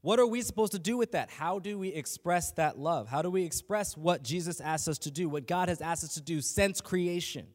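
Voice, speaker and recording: A man's voice: fairly high pitch, brisk, hardly any pauses, big-room sound. A man giving a casual, earnest faith talk as a lay teacher, speaking conversationally with frequent restarts and fillers.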